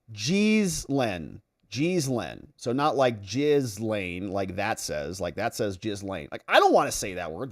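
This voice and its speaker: Male livestream host, lively pitch, chatty, reads chat out loud. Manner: reads viewer comments aloud and reacts.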